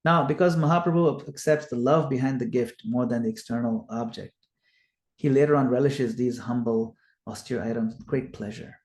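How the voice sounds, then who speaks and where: A man teaching a scripture study and retelling the story as an animated storyteller who acts out the quotes. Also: mid-range voice, normal speed. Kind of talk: storytelling lecture. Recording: echoey room.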